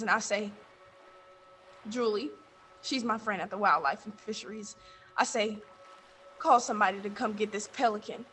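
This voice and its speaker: A woman playing a blunt middle-aged man who runs a coastal mission, telling his story on stage and getting heated and loud. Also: medium pitch, close to an everyday voice. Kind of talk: stage monologue from interviews.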